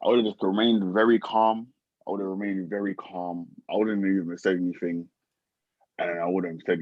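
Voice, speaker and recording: A man's voice: low-pitched, level tone, moderate pace, dry recording. A man co-hosting a podcast, joking and telling stories in slang. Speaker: podcast co-host. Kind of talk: casual chat. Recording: husky voice on dull dry lo-fi line.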